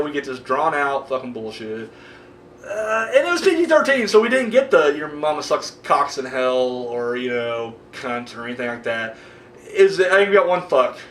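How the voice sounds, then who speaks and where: A man ranting casually and profanely in a movie review, swinging between loud outbursts and mumbling. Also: high voice, reverberant, recorded from a distance, slight background noise.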